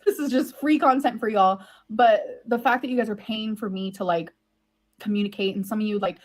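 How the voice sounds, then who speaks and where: A woman's voice: mid-range voice, brisk. A woman in her thirties answering viewer questions in a casual vlog, rambling and putting herself down. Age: 30s. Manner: rambling and self-deprecating.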